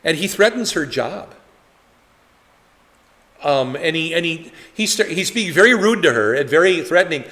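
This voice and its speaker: A man's voice: fairly high pitch, animated, moderate pace, long pauses, pushed and bright, big-room sound. Chatty male pastor teaching Bible study. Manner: chatty, rhetorical questions, frequent fillers.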